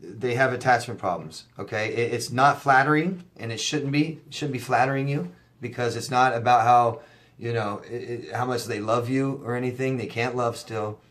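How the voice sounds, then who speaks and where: A man with a medium-pitched, fairly bright voice speaks at a normal speed. Acting as a life coach, he answers viewer questions directly to camera in a casual way, blunt and emphatic, with the odd swear word to drive his point home.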